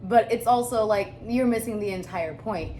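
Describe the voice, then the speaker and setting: A woman's voice: medium pitch, moderate pace. Playful young woman on a podcast. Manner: playful, teasing, jokey. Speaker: podcast co-host. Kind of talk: casual chat. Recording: audible background noise.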